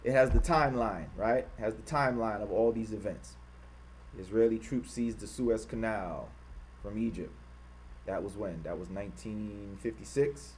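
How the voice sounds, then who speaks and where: A man hosting an online show, reading items off his screen and talking about them. He repeats himself often and gets loud and high-pitched when he is worked up. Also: normal speed, slight background noise. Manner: repetitive, grows loud and high when heated, mocking quoted voices. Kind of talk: livestream commentary reading from a screen.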